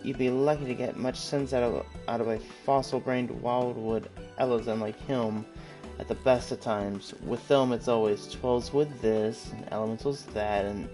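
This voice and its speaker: A chatty young guild archer, as a man puts her on talks in a raised, lively voice with a put-on British accent. It is game dialogue read aloud, with faint music underneath. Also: medium pitch, moderate pace, natural voice.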